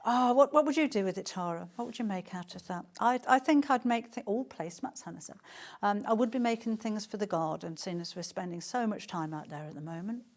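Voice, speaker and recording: A woman's voice: mid-range voice, brisk. A middle-aged woman presenting fabrics on a live sales show, chatting and gushing with lots of restarts.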